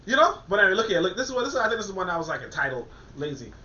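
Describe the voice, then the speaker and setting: Reading a political text aloud, a male commentator reacts colloquially and emphatically, often repeating words as he thinks. His high voice is very animated, racing, bright, and forceful, in an echoey, dull-sounding room.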